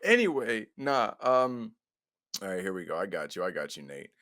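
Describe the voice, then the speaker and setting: A young man co-hosting a casual podcast chat, loud and animated, swearing and laughing often. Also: sits low, moderate pace, no echo, studio quality. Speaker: podcast co-host.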